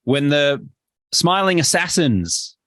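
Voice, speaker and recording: A man's voice: a little high, very animated, slow, fairly bright tone, dry recording, studio quality. A man with an Australian accent, a podcast guest and health coach, talking emphatically and acting out little dialogues. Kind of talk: energetic interview talk.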